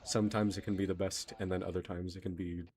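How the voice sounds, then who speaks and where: A young man from Texas chatting casually while he streams a game. His voice sits a little low. He rambles, puts himself down and is quick to say sorry. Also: flat delivery, darkish tone, faint music behind. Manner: rambling, self-deprecating, quick to apologize. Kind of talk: casual gaming stream chat.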